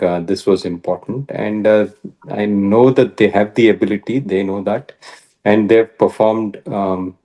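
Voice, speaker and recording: A middle-aged Indian man, a badminton coach, answering interview questions in a measured way with frequent "uh" pauses. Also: fairly low pitch, dark tone. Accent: Indian English. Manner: measured, many pauses and "uh" fillers.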